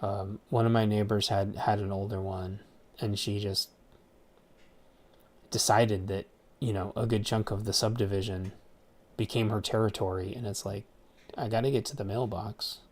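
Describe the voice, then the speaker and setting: A man's voice: on the low side, flat delivery, normal speed, long pauses. A man ranting in a casual, rambling way, swearing often and repeating words as he restarts his sentences. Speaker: streamer. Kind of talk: casual rant.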